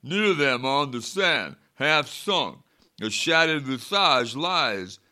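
A man's voice: medium pitch, expressive, slow pace, pushed and bright, exaggerated voice. A man doing a comedic impression of a tough-guy action actor stumbling through a poem, with a mumbling, puzzled delivery. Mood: gruff. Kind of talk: comedic poetry reading impression.

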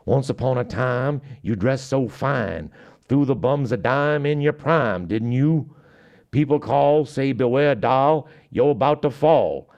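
A cocky boxing champ chants rhymes in a bragging sing-song, as a man puts him on. The voice sits at a middle pitch. The recording sounds dull and lo-fi. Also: slow pace, a little mellow. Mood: boastful. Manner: boastful, sing-song rhyming. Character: impression of a boastful boxing champ rhyming. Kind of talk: comedic rhymed boast impression.

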